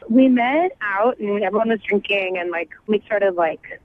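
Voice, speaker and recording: A woman's voice: medium pitch, normal speed, a little hiss or hum. Gushing woman caller on tinny phone line. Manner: gushing, chatty. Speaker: radio caller. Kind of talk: phone call on radio. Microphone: telephone.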